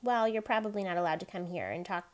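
Storybook boy, sad, gentle, quiet, woman reader, lowish voice. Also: fast, close to an everyday voice. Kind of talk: reading a novel aloud.

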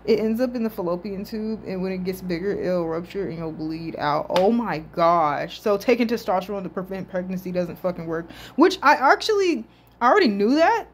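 A woman giving casual, animated reaction commentary as a video host, swearing and laughing often. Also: mid-range voice, moderate pace, a little hiss or hum.

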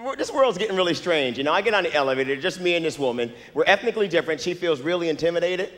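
A man's voice: on the high side, expressive, racing, fairly bright tone. A man performing a stand-up comedy set, with a brash, punchy delivery and crowd work. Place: comedy club stage. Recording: live club recording with long reverb.

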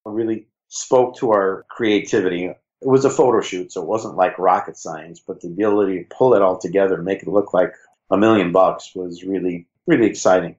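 A man in his sixties with a heavy Chicago accent, relaxed and reflective, telling stories as an interview guest. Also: low voice, fairly quick, highs cut off. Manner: relaxed, reflective, uses fillers like "you know". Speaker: guest, former league creative director. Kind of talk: conversational interview storytelling.

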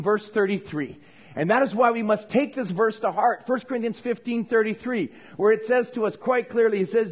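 A middle-aged male pastor with a notably high voice delivers a church sermon. He preaches with animation, asks his listeners to answer him, and drops playful quoted voices into his points. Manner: animated preaching with quoted asides and questions to the congregation.

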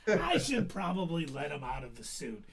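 A man's voice: a little high, sing-song, moderate pace, vocal fry, a crowd in the background. A man co-hosting a casual podcast chat who drops dry, sarcastic quips. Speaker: podcast co-host.

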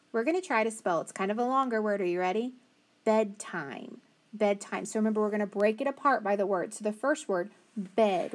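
A woman teacher leads young children through a phonics lesson, breaking words into single sounds and stretching them out slowly. She praises each answer in a patient, encouraging way. Her pitch sits right in the middle for a woman. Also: darkish tone.

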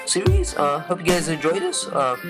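Excitable gamer guy raging at the game. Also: fairly high pitch, a little slow. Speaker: let's play gamer. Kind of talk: live gameplay commentary. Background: loud game music.

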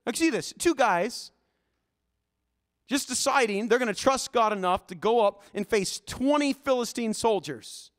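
A male pastor preaching a sermon in a church, telling Bible stories in an animated, folksy way. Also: extremely high pitch, measured pace.

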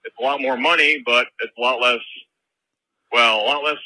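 A man's voice: medium pitch, steady tone, normal speed, pushed and bright, no room sound, low-quality recording. A man who drives trucks, leaving a rambling voicemail from his cab in a put-on accent and swearing casually. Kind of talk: voicemail message. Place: truck cab while driving.

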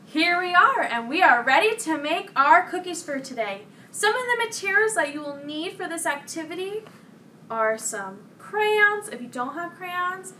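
Speaking to children in a slow, clear manner, this young presenter of a kids' show reads a story aloud and walks through a craft. Her bright, high voice swings widely in pitch, and the far-off microphone picks up faint background noise.

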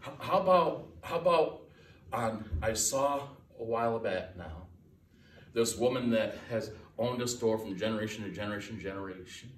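The preacher, a guest pastor, has a fairly low, animated voice at normal speed. He's emphatic and folksy, repeating key lines for impact, recorded distantly in an echoey church sanctuary with slight background noise.

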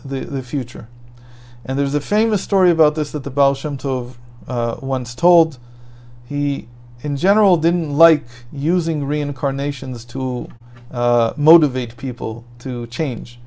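Guy giving a torah lesson, bit higher voice, storytelling, keeps restarting sentences. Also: dark tone. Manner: storytelling, thinks aloud with restarts. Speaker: Torah teacher.

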